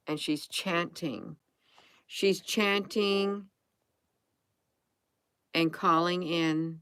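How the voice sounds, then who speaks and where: Tired lady rambling slow, kinda low smooth voice, lots of ums, dry close mic. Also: fairly even intonation, fairly bright tone, no room sound. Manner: rambling, hesitant, with frequent "um" and restarts. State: tired, drained. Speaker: conspiracy commentary vlogger. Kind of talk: casual commentary over images.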